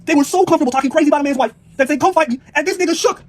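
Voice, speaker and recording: A man's voice: very high-pitched, racing, a little mellow. A man ranting in a clip, brash and mocking, heated and full of laughter. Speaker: online commentator. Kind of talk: profane reaction rant.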